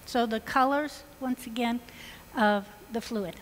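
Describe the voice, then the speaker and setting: Woman, Georgia Southern accent, enthusiastic stage demonstrator, slightly high voice, long reverb in a large hall. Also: a little slow, background noise. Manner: chatty, enthusiastic, folksy. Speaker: floral designer presenting on stage. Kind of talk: live stage design demonstration.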